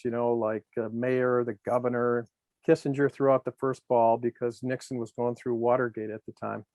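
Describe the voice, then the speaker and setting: This is a man in his sixties who trained pro athletes. He tells loose, rambling stories full of fillers and restarts. His voice sits at an ordinary pitch and sounds dry and close. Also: a little mellow, no room sound. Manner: rambling anecdotes with many fillers. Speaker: guest, former sports trainer. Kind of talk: storytelling interview.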